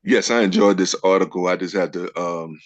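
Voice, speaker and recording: A man's voice: low voice, steady tone, a little fast, no room sound. A man with a New Orleans accent taking part in a casual book discussion group, earnest and self-deprecating.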